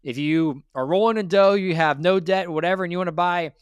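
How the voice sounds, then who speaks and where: A man's voice: high voice, a little fast, clean tone, dry recording. A man hosting a debt interview, giving blunt, lecturing advice and repeating his points. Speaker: financial advice host. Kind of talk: direct money coaching.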